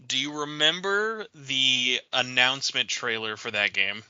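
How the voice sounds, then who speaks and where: A man hosting a gaming podcast in casual chat, animated and quick to laugh. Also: mid-range voice, smooth, no echo. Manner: animated, laughing, imitates others. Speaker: podcast host. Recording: dull lo-fi audio.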